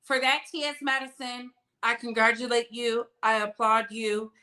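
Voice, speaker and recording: A woman's voice: fairly high pitch, flat delivery, moderate pace, pushed and bright. A young woman hosting a celebrity gossip channel, giving sassy, emphatic commentary and drawing out words for effect.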